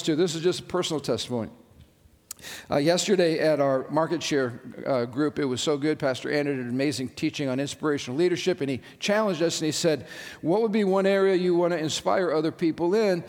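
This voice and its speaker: High-voiced enthusiastic male pastor. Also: fast. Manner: enthusiastic, frequent "uh" fillers, asks the congregation questions. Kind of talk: sermon. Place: large church sanctuary. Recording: long church-hall reverb.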